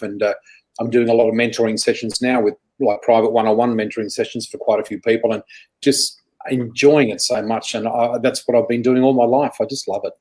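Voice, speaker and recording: A man's voice: mid-range voice, darkish tone, rough recording. A middle-aged Australian man, a guest psychic, telling anecdotes in a chatty, self-correcting way. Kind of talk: anecdotal interview storytelling.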